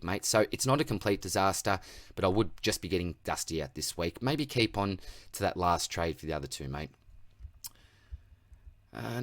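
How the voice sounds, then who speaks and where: Relaxed Australian man, lowish voice. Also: no echo. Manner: matey, relaxed, calls everyone mate and buddy. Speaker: fantasy football channel host. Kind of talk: casual Q&A answering viewer comments.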